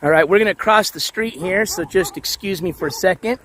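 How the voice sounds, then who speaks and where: A man hosting a casual walking livestream outdoors, reading the chat aloud, shouting thanks for donations, and losing his voice. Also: high-pitched, a little fast. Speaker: livestream host. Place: outdoors on city streets, walking dogs. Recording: faint street noise outdoors.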